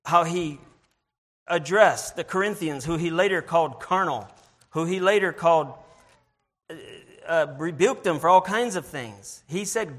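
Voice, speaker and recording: A man giving an informal sermon, earnest and halting, often restarting and repeating his words as he searches for them, and reading scripture in a slower voice. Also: a little high, a bit bright. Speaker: lay preacher.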